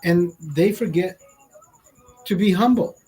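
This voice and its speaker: Forties Honduran man with a raised, breathy voice and a profane, indignant ranting delivery. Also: high voice, takes it slowly, warm tone, poor audio. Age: 40s. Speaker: vlogger. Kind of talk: casual ranting monologue.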